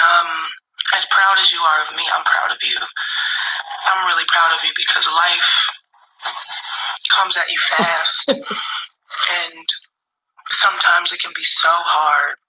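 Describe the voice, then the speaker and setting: A woman's voice: deep voice, bright, forceful tone, a little hiss or hum, low-quality recording. A woman singer speaking casually and heartfelt to her fans, emotional and swearing freely. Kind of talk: casual direct-to-camera talk.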